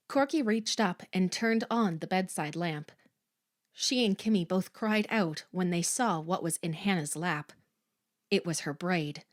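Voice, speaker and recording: A woman narrating a horror audiobook in a slow, hushed, suspenseful manner. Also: fairly low pitch, no room sound, studio quality.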